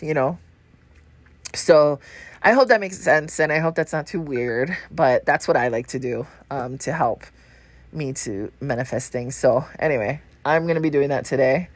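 A woman's voice: low voice, no echo. A woman, congested and short of breath, rambling through a casual astrology chat and swearing freely. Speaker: podcast host.

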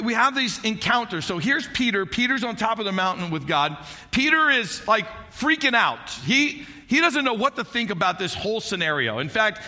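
High, bright-voiced male pastor preaching. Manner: animated storytelling with frequent "like" and "right?". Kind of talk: sermon.

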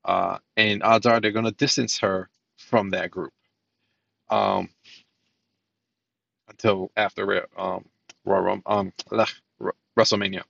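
A man with a low, gravelly voice hosts a solo podcast in a loose, rambling way. He restarts sentences, fills pauses with ums and swears offhandedly. The sound is muffled and lo-fi. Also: level tone, a bit bright, no echo. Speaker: podcast host. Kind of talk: solo casual podcast commentary.

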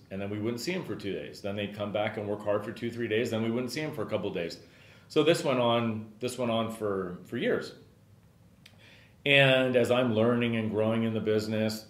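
A middle-aged man hosting a podcast, telling a story casually and rambling with lots of filler words. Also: medium pitch. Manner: rambling, frequent "you know" fillers. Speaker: podcast host and business owner. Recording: roomy echo.

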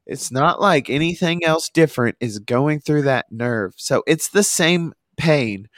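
A man's voice: fairly high pitch, expressive, a little slow, fairly bright tone, no echo, clean studio sound. A man hosting a podcast in casual chat, often losing his train of thought. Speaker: podcast host.

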